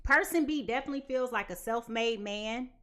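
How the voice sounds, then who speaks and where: A young adult woman giving a live tarot reading in a chatty, animated way, now and then acting out quoted voices. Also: a little high, a little fast. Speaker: tarot reader.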